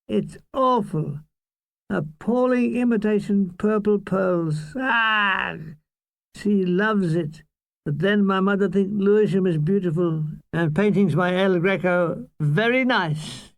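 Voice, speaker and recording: A man narrating his own war memoir as an audiobook, with deadpan, irreverent comic delivery. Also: high voice, a little slow, no echo.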